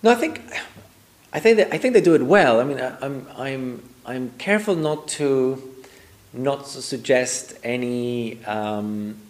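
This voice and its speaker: A man's voice: mid-range voice, expressive, measured pace. A man as a guest on a podcast, explaining his views thoughtfully and often checking in with a "right?". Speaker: guest expert. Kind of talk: podcast conversation.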